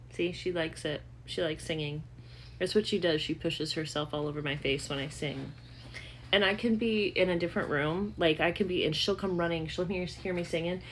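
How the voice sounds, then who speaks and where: Low-voiced chatty woman vlogger. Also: moderate pace. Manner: chatty, lots of "like" fillers. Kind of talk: casual chat.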